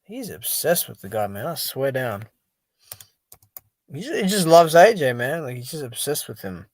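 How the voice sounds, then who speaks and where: A tired, sleepy man chatting casually on a live stream, reacting out loud and reading viewer comments. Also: medium pitch, sing-song, normal speed, dry recording. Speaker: boxing stream host.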